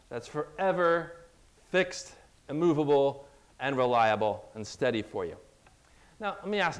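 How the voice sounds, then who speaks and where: A man preaching a sermon, emphatic and at times exhorting loudly, acting out the doubts of believers. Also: high-pitched. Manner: emphatic, rising to loud exhortation; acts out voices of doubting believers.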